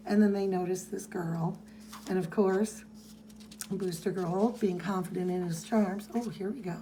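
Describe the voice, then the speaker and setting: A woman's voice: medium pitch, fairly even intonation, measured pace, warm tone, slight background noise. A woman co-hosting a podcast, chatting casually as she recaps a comic and reads its dialogue in playful voices. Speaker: podcast co-host.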